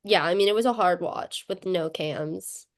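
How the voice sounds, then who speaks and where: A woman's voice: on the low side, moderate pace. A young woman co-hosting a sibling podcast, chatting casually about basketball and laughing through her stories. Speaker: podcast co-host. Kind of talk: casual sports chat.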